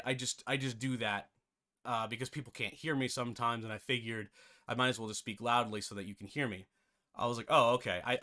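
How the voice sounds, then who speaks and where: A man who hosts a game development tutorial, telling a casual, animated story with chatty asides. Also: medium pitch.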